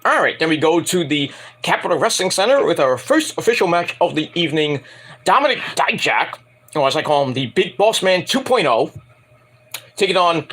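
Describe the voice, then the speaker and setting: A man rambling through a casual wrestling review, profane and opinionated. His voice is husky and sits a bit high for a man, and his pitch swings widely as he talks. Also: fairly quick. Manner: animated, bursts into put-on voices.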